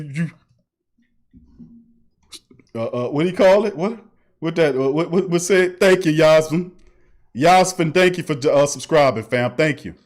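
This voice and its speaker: A man hosting a casual sports talk livestream, animated and emphatic, repeating himself and often laughing. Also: fairly high pitch. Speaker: sports talk show host.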